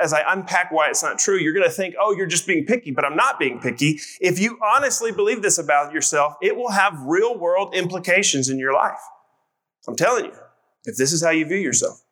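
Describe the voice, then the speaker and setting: A man's voice: high-pitched, sharp tone. A man preaching a sermon in a conversational, emphatic way, calling on his congregation to answer. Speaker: pastor.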